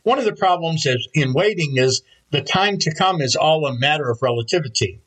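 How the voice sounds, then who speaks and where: Husky-voiced man preaching a sermon. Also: fairly high pitch, lively intonation, fairly bright tone, low-quality recording. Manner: measured storytelling preacher. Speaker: pastor.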